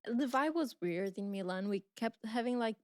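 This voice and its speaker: A woman's voice: on the high side, normal speed, no echo, studio quality. A young woman co-hosting a casual chat podcast, telling stories with lots of laughter. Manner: giggly, animated storytelling. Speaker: podcast co-host.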